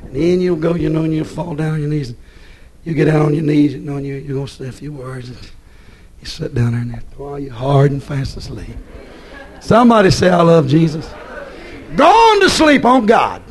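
A man preaching a fiery sermon, swinging from shouted bursts down to quiet storytelling. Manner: shouting bursts then drops to low storytelling.

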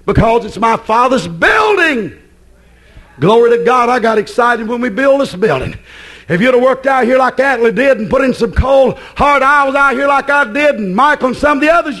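Pastor, man, high voice and lively pitch, excitable sermon delivery with shouted peaks. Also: normal speed. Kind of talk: preaching sermon.

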